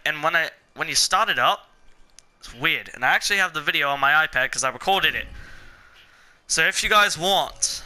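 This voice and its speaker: A man's voice: a little high, clear, resonant tone. A man giving rambling, joking commentary while playing a racing game. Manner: rambling, chatty, joking asides. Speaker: gameplay commentator. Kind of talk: casual gameplay commentary. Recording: loud racing car engine noise behind. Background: racing game engine and car sounds.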